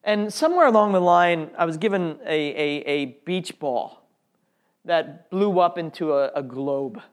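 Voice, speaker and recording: A man's voice: fairly high pitch, lively intonation, unhurried. A man telling an audience his personal faith testimony in an earnest, heartfelt way. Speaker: speaker sharing a testimony.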